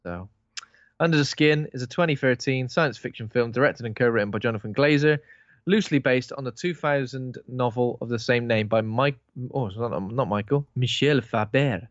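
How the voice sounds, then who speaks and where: Man from Bristol, podcast co-host; rambling, informal, mid-pitched; recorded dull and dry. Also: moderate pace, dry recording. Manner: rambling, self-interrupting, informal. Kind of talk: casual chat.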